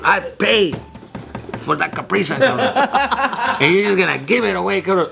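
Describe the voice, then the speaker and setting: A young man telling loud, animated stories among friends, swearing freely and mimicking his dad. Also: high-pitched, normal speed, vocal fry, music in the background. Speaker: guest. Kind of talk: casual storytelling among friends.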